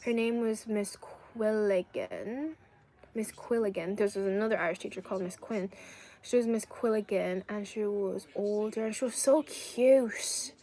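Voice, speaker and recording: A woman's voice: medium pitch, fairly even intonation, normal speed, warm tone, low-quality recording. A young woman from China in a casual live-stream chat, talking in a chatty, rambling way and reading viewer comments aloud. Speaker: livestreamer.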